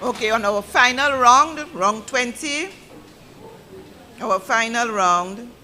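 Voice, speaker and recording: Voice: mid-range voice, slow pace, background noise. A spelling bee pronouncer who speaks formally and corrects contestants letter by letter. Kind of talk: slow, deliberate word pronouncing and spelling.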